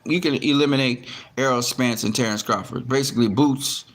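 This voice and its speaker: A man talks to his viewers about boxing in a loose, unscripted way. His voice sits at an ordinary middle pitch. He swears freely, stumbles through restarts and fillers, and gets openly annoyed when things go wrong. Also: a little fast. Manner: frustrated, heavy swearing, many restarts. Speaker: boxing commentary vlogger. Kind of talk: casual talk to camera.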